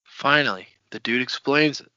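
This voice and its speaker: A man's voice: mid-range voice, moderate pace, bright, forceful tone, clean tone, no room sound, lo-fi sound. A man co-hosting a book-club podcast and cracking jokes about the story. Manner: jokey wisecracks. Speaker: podcast co-host. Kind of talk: casual book-club chat.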